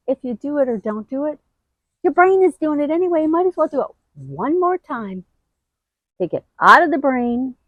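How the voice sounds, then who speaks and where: A middle-aged woman giving heartfelt advice straight to camera, earnest and emotional, with sudden expressive bursts. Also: mid-range voice, dry recording, phone-quality sound. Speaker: grief video host.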